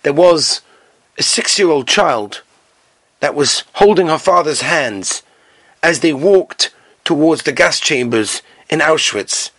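A man's voice: fairly high pitch, expressive, takes it slowly, fairly bright tone, no room sound. Earnest man telling stories in a lecture. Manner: earnest, emphatic storytelling with Hebrew and Yiddish terms. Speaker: rabbi giving a lecture. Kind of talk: storytelling Torah lecture.

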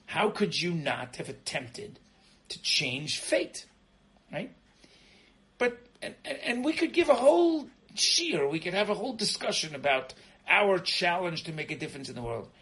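A middle-aged man teaching an informal Torah lesson as a rabbi. He is animated, repeats words as he starts sentences and keeps asking "right?". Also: high voice, moderate pace, poor audio. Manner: animated, frequently asks "right?".

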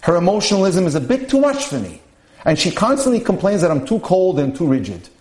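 A man with a slightly high voice reads relationship case studies aloud for a podcast. He keeps a steady, measured pace and now and then turns to address his listeners directly. The room around him has a noticeable echo. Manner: measured reading with asides to listeners. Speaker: podcast speaker on dating and marriage.

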